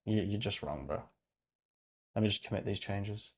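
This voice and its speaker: A man from Britain, his voice low and darkish, streams casually at a normal speed. As he works he talks half to himself, rambling and stopping to correct himself.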